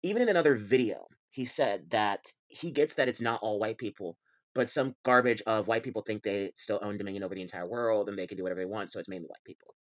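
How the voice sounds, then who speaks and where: A man's voice: lowish voice, fast, no echo, lo-fi sound. A man hosting a reaction commentary, talking in an exasperated way with many restarts and repeats. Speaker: commentary channel host.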